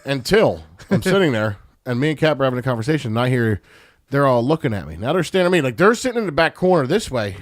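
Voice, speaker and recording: A man telling a story in casual podcast chat, animated and profane, laughing often. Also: mid-range voice, fast, dry recording, clean studio sound.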